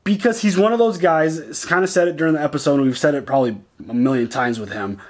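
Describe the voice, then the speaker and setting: Man, reaction co-host, casual chat, slightly high voice, eager retelling of scenes. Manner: excited, quotes characters in quick retellings.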